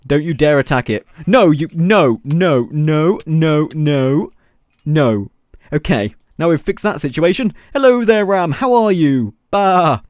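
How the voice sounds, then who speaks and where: Man, gaming video commentary, slightly high voice, playful and jokey, dry close mic. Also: darkish tone, no room sound. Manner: playful, self-mocking, giggly asides. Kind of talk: game mod showcase commentary.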